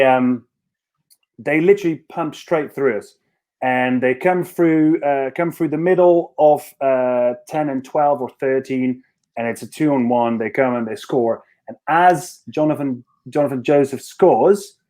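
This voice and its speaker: A man's voice: fairly high pitch, darkish tone. A man who played rugby, telling a long story in a casual podcast chat, rambling and self-mocking with lots of restarts. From Scotland. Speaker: podcast guest, former rugby winger.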